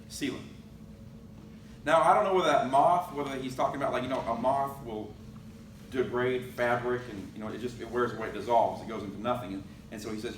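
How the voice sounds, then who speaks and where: A man's voice: mid-range voice, steady tone, a little fast, echoey room, distant mic, a little hiss or hum, poor audio. A male pastor giving a conversational sermon, reading scripture aloud and asking the congregation questions. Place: church sanctuary.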